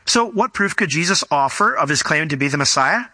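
Male pastor, sermon delivery, bright and forceful tone, slightly raised pitch, dry sound. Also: animated, fairly quick, few pauses, dry recording. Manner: conversational, acts out quotes, emphatic.

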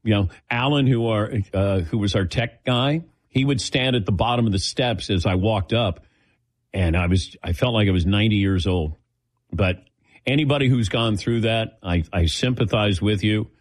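Low-voiced man telling a story. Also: normal speed, no room sound, clean studio sound. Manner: chatty, relaxed, acts out quoted voices. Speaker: host taking audience questions. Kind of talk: casual storytelling.

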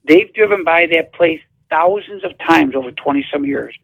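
A man's voice: fairly high pitch, animated, moderate pace, creaky, slightly rough, phone-quality sound. A man, a town mayor calling in to a radio show, answering bluntly and emphatically. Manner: blunt, emphatic, dismissive of controversy. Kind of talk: radio phone interview.

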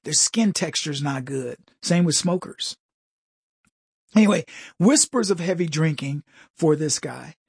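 A middle-aged man delivering a comedic political monologue, mocking and jokey, with quick asides and mimicked voices. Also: on the high side, lively intonation, creaky, breathy edge, no room sound, studio quality. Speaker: commentary host.

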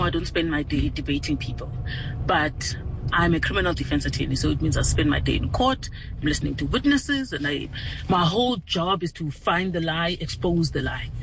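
A man's voice: on the high side, fairly bright tone, slight background noise, low-quality recording. A man, a lawyer calling in to a radio show, telling his story earnestly. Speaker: caller, criminal defense attorney. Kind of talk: phoned-in voice note.

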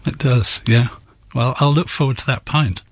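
A man from England, an author guest on a radio interview, explaining in a measured, storytelling way. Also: mid-range voice, fairly even intonation, slightly rough, no echo.

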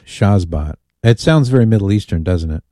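A man hosts a call-in radio show, talking casually and reading listener messages with amused asides. His voice sits low and mellow. The studio sound is dry and close. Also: expressive, moderate pace, no echo. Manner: chatty, reads listener emails aloud with amused asides. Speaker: radio host.

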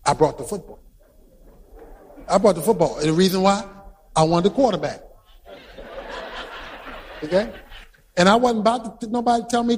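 A man preaching a sermon who tells stories with energy, shouts his points and quizzes the congregation. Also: sits high, moderate pace, long pauses, slightly rough. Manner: animated storytelling, shouting for emphasis, quizzing the congregation.

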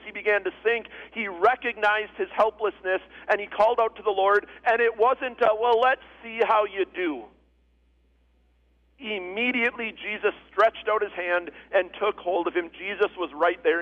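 A pastor delivers his sermon in a high, earnest man's voice, circling back to repeat key phrases for weight. The recording is dull and lo-fi, like a modest church capture.

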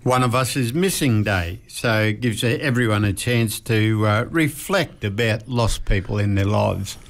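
An older man co-hosts a radio show, his voice sitting somewhat low. He answers in short, dry, matter-of-fact remarks during the casual back-and-forth. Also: a little slow. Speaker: radio co-host.

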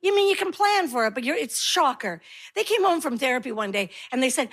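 A woman's voice: high-pitched, brisk, breathy edge. A middle-aged woman performing a stand-up routine, telling stories and acting out her kids and herself. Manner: animated storytelling, acts out her kids and herself. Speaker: stand-up comedian.

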